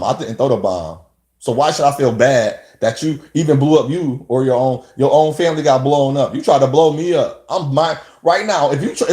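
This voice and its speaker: Guy ranting to his camera, lots of rhetorical questions, warm low tone, echoey room. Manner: impassioned, rambling, with rhetorical questions. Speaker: vlogger. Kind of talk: unscripted monologue to camera.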